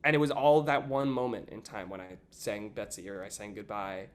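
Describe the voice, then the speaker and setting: A young man in an interview, telling a story in a lively casual way, often saying "like" and acting out what people said. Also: fairly low pitch, moderate pace. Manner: animated, acts out quoted voices, frequent "like". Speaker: guest, stage actor.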